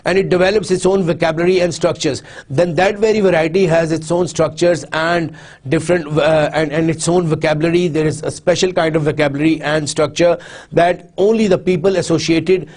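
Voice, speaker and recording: Man giving a halting lecture. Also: on the high side, steady tone, a little mellow. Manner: explains with many repeats and restarts. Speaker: university lecturer. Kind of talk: recorded lecture.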